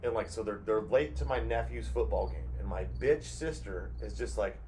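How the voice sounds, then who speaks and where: A man's voice: lowish voice, normal speed, warm tone, a little hiss or hum. Swearing, rambling man on a podcast. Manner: rambling, swears a lot, acts out family quotes. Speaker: podcast co-host. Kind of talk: casual profane chat.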